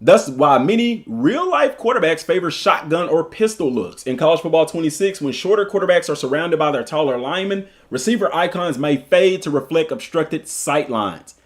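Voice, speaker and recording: A streamer who also coaches school football reads an article live in a Southern US accent, joking with viewers and chatting between passages. His voice is on the high side, at normal speed with hardly any pauses, and his manner is animated.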